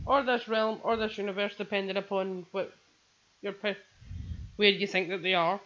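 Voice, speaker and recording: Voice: mid-range voice, steady tone, normal speed, fairly bright tone. A speaker in casual chat, ranting sarcastically. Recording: muffled lo-fi with faint noise.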